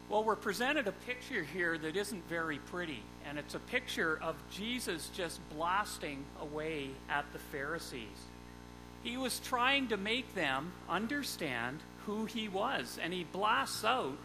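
Male pastor, high voice, gravelly edge, emphatic sermon, faint music behind. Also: expressive, unhurried, poor audio. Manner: reads scripture aloud, then preaches on it. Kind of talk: sermon with scripture reading.

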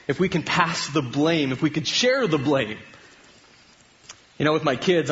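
A man's voice: on the high side, lo-fi sound. A middle-aged Canadian man preaching a sermon to his congregation in a conversational way, often asking them questions. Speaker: pastor.

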